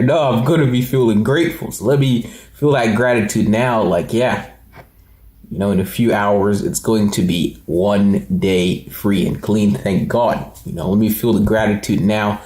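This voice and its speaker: A man's voice: mid-range voice, moderate pace, a little mellow, echoey room. A man in his twenties talking earnestly in a personal vlog, rambling with many fillers and restarts. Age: 20s. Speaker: motivational channel host.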